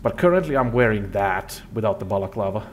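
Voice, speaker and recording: A man's voice: fairly low pitch, animated, brisk, a little hiss or hum. A man hosting a let's play, giving rambling, self-deprecating gameplay commentary.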